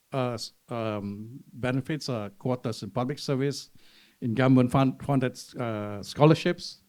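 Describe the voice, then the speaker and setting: A man's voice: mid-range voice, darkish tone. A man from Malaysia, giving a lecture-style symposium talk, reading out quotations and often checking in with "okay?". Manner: frequent checking "okay?" to the audience. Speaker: symposium speaker. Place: museum auditorium.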